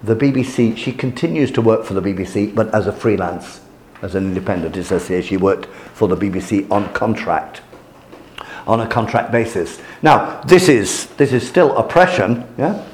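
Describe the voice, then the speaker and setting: A man teaching a class as their examiner, lecturing in a halting way with many fillers and restarts. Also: fairly low pitch, slight background noise.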